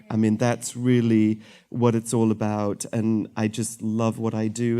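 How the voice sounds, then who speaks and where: A man's voice: on the low side, a little mellow, smooth. A middle-aged man from Sri Lanka, a surgeon speaking to an audience in a light-hearted, conversational way with self-deprecating jokes.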